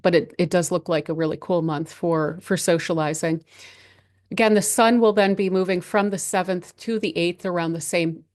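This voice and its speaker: A woman with a slightly low voice talks through a monthly horoscope off the cuff. She restarts her phrases often and drifts into "like" and "you know" as she offers gentle advice. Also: steady tone, normal speed. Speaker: astrology channel host. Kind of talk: casual unscripted monthly horoscope reading.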